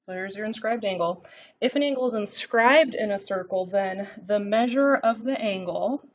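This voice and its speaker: A woman teaching a recorded math lesson, working through notes as she writes. She keeps checking in with her students with a quick "okay?". The recording sounds a little dull and lo-fi. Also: medium pitch, a little hiss or hum. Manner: talks while writing, frequent "okay?" check-ins.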